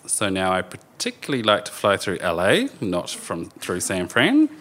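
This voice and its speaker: A man with a New Zealand accent reflecting on his experiences in front of a live theatre audience. His pitch moves a lot, and he speaks in an earnest, thoughtful way. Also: huge pitch swings, moderate pace, a bit bright. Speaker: storyteller. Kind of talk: live storytelling.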